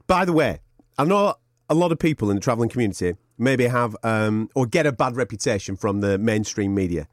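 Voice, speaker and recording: Animated man telling stories. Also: medium pitch, brisk, dry recording, studio quality. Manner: animated storyteller, acts out quotes, swears, laughs often. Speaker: podcast co-host. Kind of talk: casual chat.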